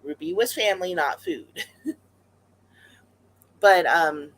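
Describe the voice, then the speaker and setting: A pet vlogger chats through a story at a mid-range pitch, circling back with fillers like "um" and "you know" and restarting sentences as thoughts catch up. The tone is conversational and unscripted, spoken straight to the camera. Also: sing-song, slow pace, a bit bright, rough recording. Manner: rambling, with many fillers and restarts; chatty and conversational.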